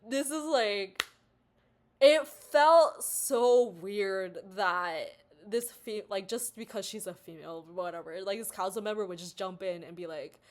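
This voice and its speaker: A woman's voice: mid-range voice, a little slow. A young woman talks through a book in a loose, casual ramble. She circles back and restarts her thoughts constantly, stringing ideas together with fillers. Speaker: book reviewer.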